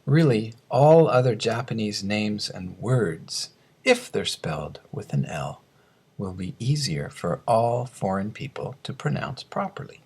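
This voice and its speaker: A man teaching English pronunciation, reading slow word drills and explaining sounds. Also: on the low side, big pitch swings, darkish tone, breathy edge. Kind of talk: scripted lesson narration.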